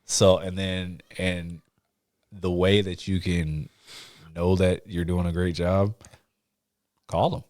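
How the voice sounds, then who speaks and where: A man hosting a casual podcast chat, telling animated stories with frequent laughs and casual swearing. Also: sits low, takes it slowly, long pauses, no room sound. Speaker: podcast host.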